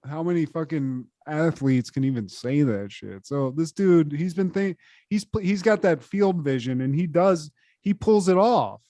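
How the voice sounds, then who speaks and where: A man co-hosting a podcast, retelling a sitcom episode in a profane, animated, casual way. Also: a little slow, no room sound, studio quality. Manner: profane, animated retelling, trails off low when addressing his co-host. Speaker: podcast co-host.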